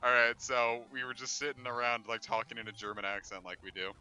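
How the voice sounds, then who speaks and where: Stream host: man, very bright tone, crude joker, faint game music underneath. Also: mid-range voice, fairly even intonation, brisk, clear, resonant tone, muffled recording. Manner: joking, crude, playful banter. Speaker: let's play host. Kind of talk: casual chat over gameplay.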